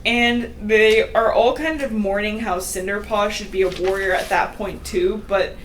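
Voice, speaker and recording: A woman's voice: medium pitch, steady tone, unhurried, a little hiss or hum. A woman hosting a podcast, chatting casually through a book recap with lots of fillers and giggles. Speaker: podcast host.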